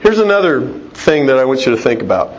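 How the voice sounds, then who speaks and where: A man's voice: mid-range voice, very animated, brisk. A middle-aged man giving a conversational, emphatic lecture-style talk, with frequent restarts. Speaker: Christian speaker. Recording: dull lo-fi sound with faint noise.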